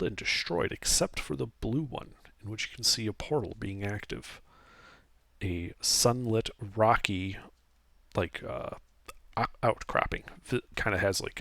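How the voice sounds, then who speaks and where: Male game master, mid-pitched and gravelly, easygoing scene narration, dry close mic. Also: fairly bright tone, dry recording. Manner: descriptive, unhurried narration with casual fillers.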